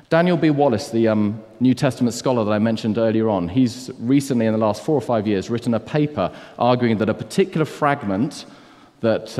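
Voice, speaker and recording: A man preaches with earnest emphasis, pressing his listeners with rhetorical questions. His voice sits at an ordinary middle pitch. It carries a long reverb from a large church. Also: mellow. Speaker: pastor. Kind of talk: sermon.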